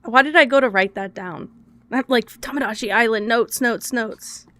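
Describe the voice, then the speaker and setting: A woman's voice: on the high side, moderate pace, a bit bright, no echo. A young woman streaming a video game, chatting casually with her viewers, laughing often and swearing freely.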